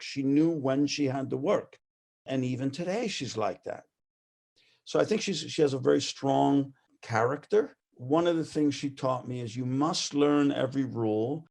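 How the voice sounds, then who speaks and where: Gravelly-voiced man telling family stories. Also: mid-range voice. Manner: animated anecdotal storyteller; laughs often while talking. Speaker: guest. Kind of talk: personal storytelling.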